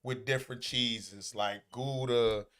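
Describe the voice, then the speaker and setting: A man's voice: mid-range voice, steady tone, slow pace, a crowd in the background. A man, co-hosting a casual chat, laid-back with stammered restarts. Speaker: podcast co-host.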